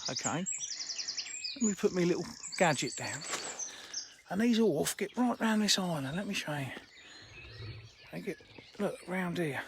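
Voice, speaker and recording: Standing outdoors beside a fishing lake, a man who owns the fishery livestreams from his phone, answering comments with a laugh. He speaks in a high-pitched, slightly bright voice, and the recording carries faint outdoor noise and birdsong.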